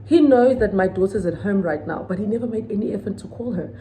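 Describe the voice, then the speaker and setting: An indignant woman in her thirties vents straight to the camera, hammering her points home and throwing questions at her viewers. Her voice is mellow and warm, sitting at a middling pitch for a woman. A faint hiss runs under the recording. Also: quick pace, rough recording. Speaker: vlogger. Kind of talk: venting storytime to camera.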